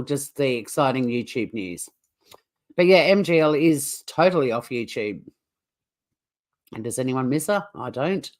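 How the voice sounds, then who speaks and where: An Australian woman hosting a casual livestream, chatting to viewers in a rambling way with frequent laughs. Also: low-pitched. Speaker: livestream host.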